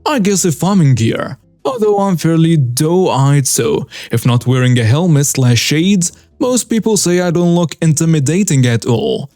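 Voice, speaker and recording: A man narrates reader stories in a slightly high but mellow voice, recorded close and dry. His delivery is even and read-aloud, with faint music underneath. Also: unhurried, few pauses, dry recording. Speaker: story channel narrator.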